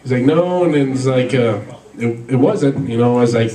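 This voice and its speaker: A man's voice: mid-range voice, normal speed, warm tone, reverberant, recorded from a distance, low-quality recording. A man doing a stand-up comedy set, rambling through stories with lots of fillers and laughs at his own jokes. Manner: rambling, filler-heavy storytelling with frequent laughs.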